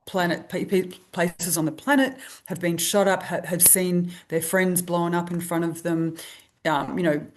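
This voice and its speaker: An Australian woman being interviewed, telling a lively anecdote and acting out the voices of people she quotes. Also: on the low side, a little slow, slight background noise. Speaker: guest, stress researcher. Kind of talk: storytelling interview.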